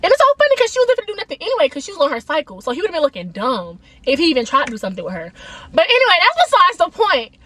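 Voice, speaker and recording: A young woman with a bright, high voice tells a story straight to her viewers. Her delivery is animated and emphatic, full of casual slang. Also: very fast, dry recording. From Atlanta, USA. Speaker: vlogger. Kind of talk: storytime vlog, casual retelling.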